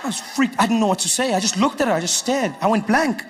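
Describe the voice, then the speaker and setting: A man with a South African accent doing stand-up comedy, telling stories with animated delivery. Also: sits high, fast, breathy edge. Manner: animated storytelling, acting out characters.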